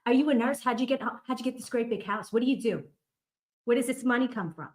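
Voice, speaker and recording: A woman putting on a loud, nosy Boston neighbor. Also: on the high side, fast, pitched above the performer's own voice, lightly acted. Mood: prying. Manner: loud, prying, overly familiar. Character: nosy pushy neighbor woman with a thick accent. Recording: roomy echo.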